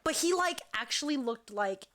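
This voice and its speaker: High voiced woman, dance crew director, chatty storyteller, says "like" a lot. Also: normal speed. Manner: animated, chatty, lots of "like" fillers. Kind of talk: casual storytelling.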